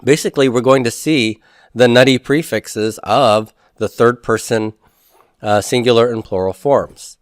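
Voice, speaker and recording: A man's voice: mid-range voice, unhurried, clear, resonant tone, dry recording, studio quality. A man teaching a recorded grammar lecture, explaining step by step and putting questions to the class, with folksy asides.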